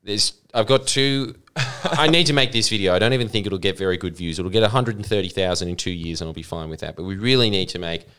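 A man's voice: lowish voice, fast, hardly any pauses, a bit bright, clear, resonant tone. A young man hosting a podcast, teasing his co-hosts with sardonic jabs. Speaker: podcast host. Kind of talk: casual chat.

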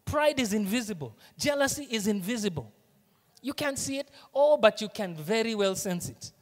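Kenyan male pastor, high voice, lively sermon delivery, echoing hall. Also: moderate pace. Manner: animated preaching, shifts between hushed asides and loud emphasis. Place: church auditorium.

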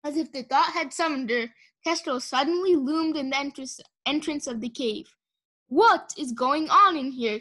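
A woman's voice: high-pitched, a bit bright. Woman reading a children's fantasy book. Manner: reads aloud with small slips. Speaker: audiobook reader. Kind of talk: casual audiobook reading.

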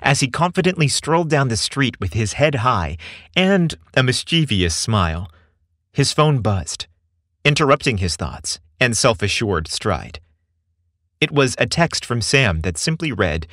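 A man reads a scripted story aloud with an expressive, lively delivery. His voice sits low. The recording is dry and close. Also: unhurried, dry recording. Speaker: story narrator. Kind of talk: scripted narration.

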